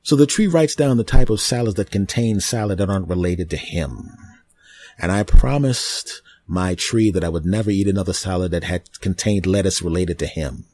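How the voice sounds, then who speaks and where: A man hosting a comedy podcast, rambling in a deadpan, absurd monologue on a close mic. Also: deep voice, normal speed, no room sound.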